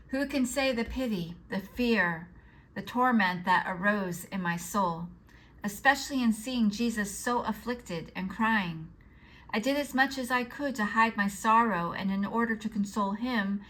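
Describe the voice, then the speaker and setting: A woman giving an earnest, measured reading of a religious text aloud. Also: medium pitch, fairly bright tone, poor audio. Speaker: devotional reader.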